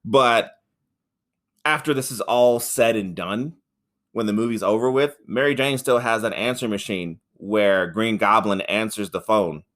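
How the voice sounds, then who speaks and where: A rambling, foul-mouthed man in a casual podcast chat. He talks at an ordinary pitch, tells the story in loose stretches and keeps acting out the lines of the people he describes. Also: measured pace, a bit bright. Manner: rambling, swears a lot, acts out quotes. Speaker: podcast co-host reviewing a film.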